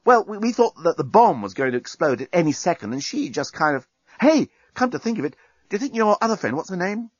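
An excitable, lusty alien journalist, put on by a male storyteller, squeaking out his words in a high, eager voice that leaps all over the place. The sound is close and dry, a little dull. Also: fast, no echo.

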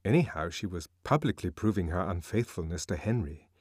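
A man narrating a novel as an audiobook, in an expressive, measured reading. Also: sits low, husky, no echo, clean studio sound.

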